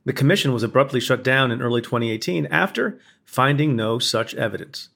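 A man, a former prosecutor, reading a scripted opinion essay in a measured, pointed way with building emphasis. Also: mid-range voice, creaky, fairly bright tone. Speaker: former prosecutor narrating commentary.

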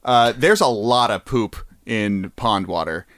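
A man's voice: fairly low pitch, a little slow, fairly bright tone, dry recording, studio quality. A man co-hosting a podcast in casual chat, playful and jokey, often laughing. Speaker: podcast co-host.

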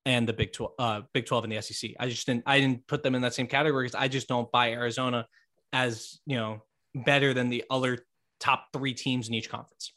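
A man's voice: mid-range voice, a little fast. A man co-hosting a sports podcast in casual chat, emphatic and repeating his points. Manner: animated, emphatic, repeats himself. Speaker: podcast co-host.

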